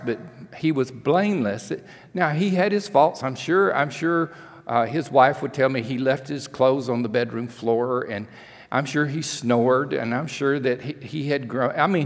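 A male pastor, preaching a sermon in a relaxed, conversational storytelling way, with fillers. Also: mid-range voice. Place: church sanctuary. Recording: reverberant church hall.

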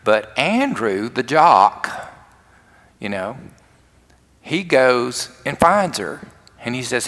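A man's voice: medium pitch, big pitch swings, slow, pauses often, a bit bright. Man, sermon, storytelling, long hall reverb. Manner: storytelling, acts out quoted lines. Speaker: pastor.

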